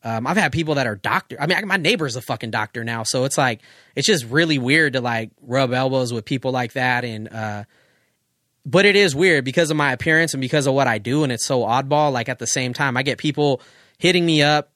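A man's voice: medium pitch, brisk, bright, forceful tone, no room sound, studio quality. A man in his thirties, a photographer, chatting casually and reflectively on a podcast, loose and full of profanity. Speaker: guest photographer.

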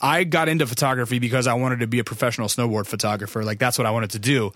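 A man's voice: mid-range voice, steady tone, rapid-fire, a bit bright, no echo. Young man telling a rambling story. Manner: rambling, profane, heavy on "like" fillers. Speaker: photographer. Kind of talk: casual storytelling.

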